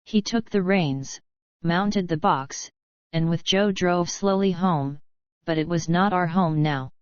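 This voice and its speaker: A woman narrating a classic novel for an audiobook, calm and even in her storytelling. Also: fairly low pitch, slow, clean tone, dry recording. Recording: slightly muffled, dry close mic.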